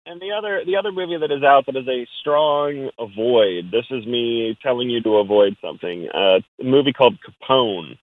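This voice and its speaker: A man's voice: medium pitch, moderate pace, hardly any pauses, dry recording. A man calling in as a guest film critic, giving opinionated, wry takes in a casual chat. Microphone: phone call. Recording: tinny dry phone line.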